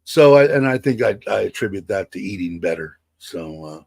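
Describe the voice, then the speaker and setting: A man's voice: on the low side, lively intonation, moderate pace, gravelly, a little mellow, no room sound. A man in his sixties chatting casually on a livestream, rambling with many fillers and restarts. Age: 60s. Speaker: livestream host. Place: home in Thailand.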